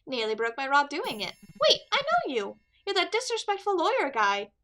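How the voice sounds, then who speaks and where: A woman's voice: sits high, sing-song, normal speed, a bit bright. A woman voicing a friendly male kingfisher fisherman in a game, who chatters eagerly. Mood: caring. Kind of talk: game dialogue read aloud.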